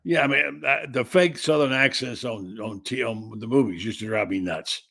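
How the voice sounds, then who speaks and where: A man's voice: medium pitch, normal speed, vocal fry, pushed and bright. A man hosting a sports talk show, giving blunt opinions in a conversational way. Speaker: host. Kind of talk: casual sports talk discussion.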